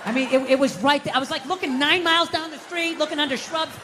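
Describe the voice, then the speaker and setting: A man's voice: very high voice, steady tone, fast, pushed and bright. A man doing a stand-up routine, ranting and swearing as he acts out his own quotes. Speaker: stand-up comedian. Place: comedy club stage. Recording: echoey hall with faint noise.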